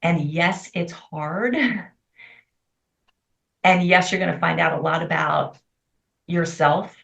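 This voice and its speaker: A middle-aged woman telling stories in a candid interview, chatty and expressive. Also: lowish voice, slow pace, vocal fry. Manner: chatty, expressive, quotes herself in lively voices. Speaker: guest. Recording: far from mic in an echoey room, dull sound.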